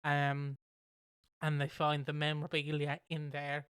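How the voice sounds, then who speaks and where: A co-host with a bright, sharp-edged voice and a smooth, crisp tone, recorded dry and close. The talk is loose and giggly, full of mocking asides and put-on quoted voices. The pitch sits in the middle of the range. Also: completely flat delivery, unhurried, no echo. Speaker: podcast co-host. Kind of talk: casual chat reviewing a soap opera.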